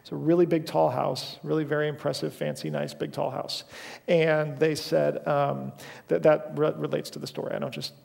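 Young male pastor, slightly high and gravelly, loose self-deprecating storyteller preaching in a reverberant church. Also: level tone, normal speed, darkish tone. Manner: casual storytelling, self-deprecating, with frequent fillers. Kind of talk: sermon. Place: church sanctuary.

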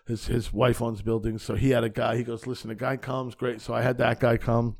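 A middle-aged man tells wild, profane stories in a loose podcast chat. He's a stand-up comic who jumps into other people's voices as he goes, speaking in an ordinary mid-range pitch. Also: brisk, creaky, no room sound, studio quality. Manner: profane, animated storyteller acting out quotes. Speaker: podcast guest, stand-up comedian. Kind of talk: casual storytelling chat.

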